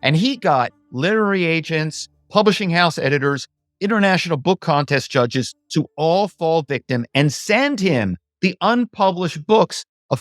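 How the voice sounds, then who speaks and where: A man, a former actor, telling stories as a podcast guest in an animated, chatty way, often saying "you know". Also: a little high, no room sound, studio quality. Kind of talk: casual interview talk.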